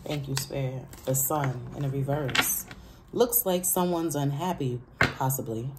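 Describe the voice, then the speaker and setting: A woman's voice: very deep voice, measured pace, heavy background noise. A woman doing a casual tarot reading, chatty and emphatic, who repeats her phrases, laughs between remarks and speaks straight to her viewers. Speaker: tarot reader.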